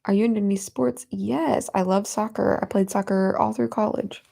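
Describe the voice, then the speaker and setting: A woman's voice: medium pitch, steady tone, moderate pace, creaky. A young woman in her twenties hosting a casual livestream from home, chatting with viewers and reading their comments. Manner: chatty, giggly, coos softly at her cat. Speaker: livestream host.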